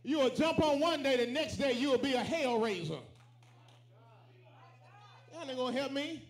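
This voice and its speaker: A pastor preaching a sermon with call and response, rising to shouts. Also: male voice, very high voice, measured pace. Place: church sanctuary. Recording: echoey church room.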